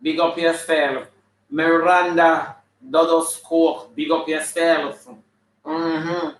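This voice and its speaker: A man's voice: a little high, flat delivery, slow. Man playing a brassy Jamaican drag auntie, flamboyant, calls out names, faint room echo from a distance. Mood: sassy. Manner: flamboyant, shouting out viewers' names. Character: sassy female character in drag, full of attitude. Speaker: comedian hosting a live stream. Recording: echoey room, mic at a distance.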